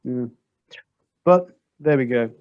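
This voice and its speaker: A man hosts a casual podcast chat and argues his views with force and relish. His voice sits at an ordinary middle pitch. The recording is close and dry, with no room sound. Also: takes it slowly, dry recording, highs cut off. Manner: opinionated, emphatic, lively storytelling. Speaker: podcast host.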